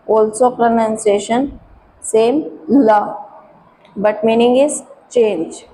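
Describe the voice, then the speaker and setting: Woman teacher, slow and patient, mellow tone, slight background hiss. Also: fairly high pitch, steady tone, poor audio. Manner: slow, careful explaining, switching into Hindi. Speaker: French teacher. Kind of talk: classroom lesson.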